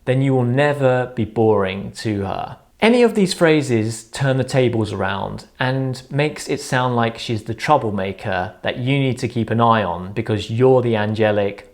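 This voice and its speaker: A man giving dating advice in a measured, dry-humoured way, acting out example lines deadpan. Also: mid-range voice. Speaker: dating coach. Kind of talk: scripted advice talk to camera.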